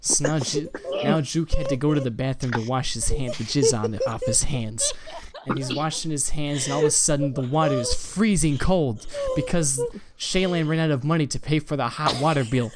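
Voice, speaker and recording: A man's voice: on the high side, animated, moderate pace, hardly any pauses, over a noisy crowd. A young man streaming live, rambling through a crude improvised story. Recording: loud background noise.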